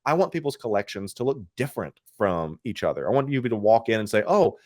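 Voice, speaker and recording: An opinionated man chats casually on a podcast with a mid-pitched voice. His intonation swings widely up and down, and the sound is dry and close. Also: lively intonation, fast talker, darkish tone, no echo. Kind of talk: casual chat.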